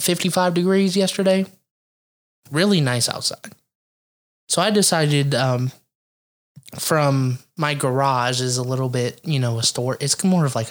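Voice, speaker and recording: A medium-pitched podcast co-host from Ohio, USA rambles through a casual story, cursing freely and laughing often. His delivery is loose and conversational, full of fillers and restarts.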